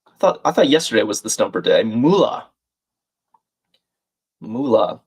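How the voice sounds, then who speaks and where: A man's voice: on the low side, very animated, measured pace, a little mellow, husky. Man thinking aloud over a crossword. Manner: thinks aloud, reads chat names and clues, friendly asides. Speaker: livestream host. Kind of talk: live crossword solving chat.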